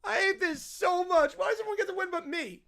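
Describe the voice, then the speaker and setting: A man's voice: extremely high pitch, brisk, creaky, pitched above the performer's own voice, heavily acted. A man doing a screaming spoiled little boy. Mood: tantrum. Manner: whining, yelling tantrum. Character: tantrum-throwing entitled little boy.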